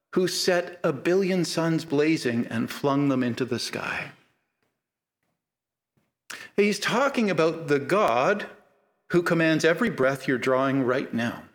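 A male preacher with a voice a little higher than most men's. He talks to his congregation in an easy, conversational way. He builds to emphatic, repeated lines. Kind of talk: sermon.

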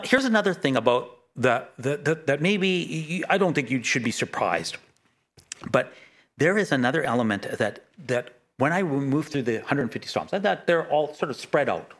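Earnest, halting middle-aged pastor. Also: male voice, medium pitch, fairly bright tone. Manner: earnest, halting, many restarts and stammers. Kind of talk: sermon.

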